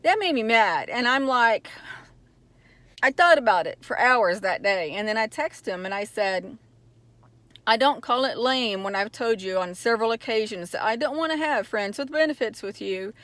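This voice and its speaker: Middle-aged woman vlogger, slightly high voice, candid and worked up, dry close recording. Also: a bit bright, no room sound. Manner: candid, gets heated and frustrated retelling. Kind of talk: personal storytime vlog.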